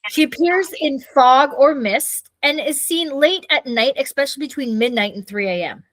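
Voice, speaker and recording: A woman's voice: high voice, moderate pace, a bit bright, no room sound, poor audio. A Canadian woman co-hosting a casual ghost-story podcast, reading from her notes loosely and stumbling over names. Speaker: podcast co-host.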